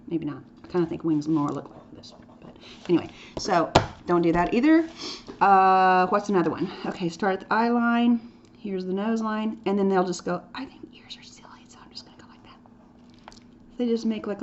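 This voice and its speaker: Chatty woman teaching drawing, lo-fi. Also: medium pitch. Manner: playful, chatty, with whispered asides. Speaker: art teacher. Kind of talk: drawing lesson demonstration. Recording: dull lo-fi sound with faint noise.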